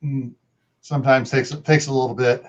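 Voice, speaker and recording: A man's voice: medium pitch, level tone, moderate pace. A man chatting as a guest on a livestream, joking playfully with mock threats and rambling asides over a video call. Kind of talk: casual joking chat. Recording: dull lo-fi audio.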